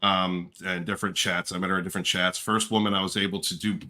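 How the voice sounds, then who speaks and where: A man hosting a casual livestream, warmly shouting out chat viewers by name and joking playfully with them. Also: sits low, flat delivery, quick pace. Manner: effusive, affectionate shout-outs to chat viewers. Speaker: livestream host.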